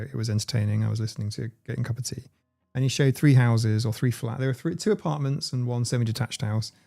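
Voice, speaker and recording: A man's voice: mid-range voice, creaky, a little mellow. A man hosting a casual livestream, rambling, swearing freely and reading the chat aloud. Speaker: livestream host.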